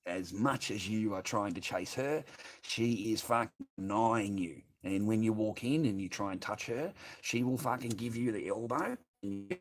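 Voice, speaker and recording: A middle-aged Australian man with a fairly low voice, chatting on a livestream. He rambles in a bitter, profane way and swears in nearly every sentence. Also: normal speed. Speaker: livestreamer reading chat. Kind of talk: casual rambling livestream chat.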